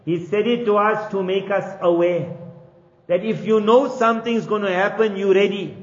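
A man's voice: sits high, fairly even intonation, moderate pace. A man giving an earnest sermon, asking rhetorical questions and acting out quotes. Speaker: preacher. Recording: echoey hall, dull lo-fi sound.

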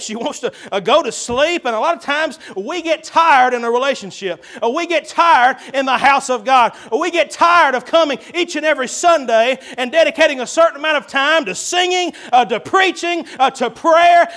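A preacher with a strikingly high voice works through his sermon. He talks like he's chatting with friends, chuckling often and stumbling over fillers and restarts. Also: fairly bright tone.

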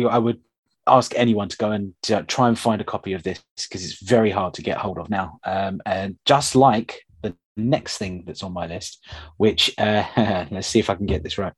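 A man hosting a podcast, chatting casually and retelling childhood cartoons with animated enthusiasm. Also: fairly low pitch, husky, no room sound. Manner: animated retelling of old cartoons, often laughing. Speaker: podcast host.

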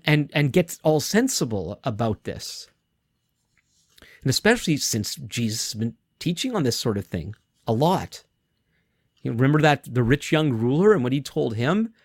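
A man preaching in a relaxed, conversational way, pausing often to think and restarting his sentences. His voice sits at an ordinary middle pitch. It is recorded close and dry, with no room sound around it. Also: no echo. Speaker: pastor. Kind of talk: sermon.

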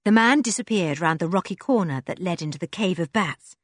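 A woman narrating a children's adventure audiobook with expressive storytelling. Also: lowish voice, a little fast, no echo, studio quality.

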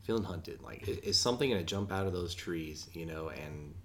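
A man with a very deep voice looks back on an unsettling night, often restarting and repeating words. He speaks in a relaxed, reflective, conversational way. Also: brisk. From Wyoming mountains. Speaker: paranormal investigator recounting a story. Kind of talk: casual storytelling.

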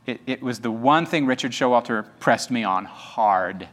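A man's voice: mid-range voice, normal speed, fairly bright tone. A male pastor preaching an emphatic sermon, firing rhetorical questions at his congregation. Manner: talks straight to the congregation.

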